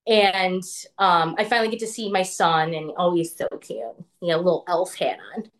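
A woman's voice: on the low side, steady tone, normal speed. Chatty woman telling a personal story. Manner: chatty, full of "like", acts out what others said. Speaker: interview guest.

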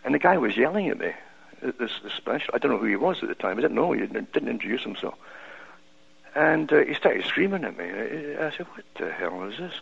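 A man with a Scottish accent, a radio guest telling a personal story in an animated way, with many restarts. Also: mid-range voice, fairly quick, vocal fry, slightly rough. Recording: lo-fi radio broadcast.

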